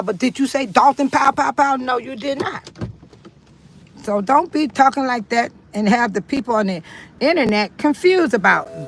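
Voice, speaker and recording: A woman talks her way through a casual neighborhood tour. She repeats her points and breaks into sudden loud exclamations. She is recorded on a handheld phone outdoors, with faint traffic noise behind her. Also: fairly high pitch, low-quality recording. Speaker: local vlogger. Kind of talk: casual walking-tour vlog. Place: driving, then walking outdoors in a park.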